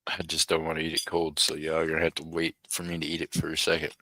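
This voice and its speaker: An American host runs a live online auction, chatting with viewers in a folksy, laid-back way. His extremely low voice is monotone, quick, pushed, and bright. The recording is dry.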